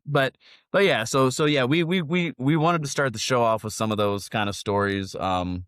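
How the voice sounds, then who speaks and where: A man's voice: medium pitch, normal speed, clear, resonant tone, dry recording, studio quality. A man in his forties co-hosting a podcast, telling rambling, profane stories in casual chat. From United States. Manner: profane, rambling, animated storytelling. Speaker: podcast co-host.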